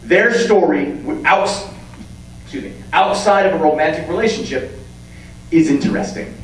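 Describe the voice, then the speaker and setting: A man in his thirties giving a comic, animated talk on writing as a convention panelist, acting out scenes as he goes. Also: on the high side, normal speed. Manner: animated, jokey, acts out scenes. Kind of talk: comedic lecture. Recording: echoey hall, distant mic, hum.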